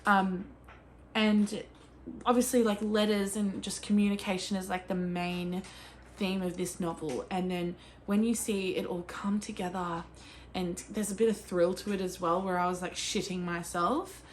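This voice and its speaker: Aussie woman gushing about books at home, excitable, swears a lot, normal pitch. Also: moderate pace, a little hiss or hum. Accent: Australian. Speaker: book vlogger. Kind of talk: casual chat. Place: at home with her cat.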